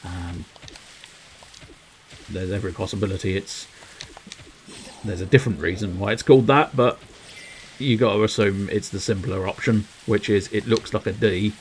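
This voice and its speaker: A man's voice: lowish voice, moderate pace, long pauses, slight background noise, rough recording. A man streaming a game, rambling playfully to his viewers with cheeky innuendo. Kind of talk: casual livestream commentary.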